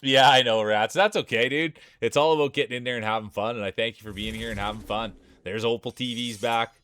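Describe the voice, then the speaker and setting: A man's voice: mid-range voice, steady tone, fast, a bit bright, no room sound. A man streaming live, commentating marble races in a chatty way and greeting viewers by name. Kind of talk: play-by-play commentary.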